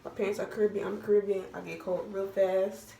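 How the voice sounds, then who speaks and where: A young woman vlogger telling a casual storytime in an animated, dramatic way, full of slang. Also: mid-range voice, brisk, gravelly. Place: at home, doing her hair while talking. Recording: roomy echo from a distance, faint background hum.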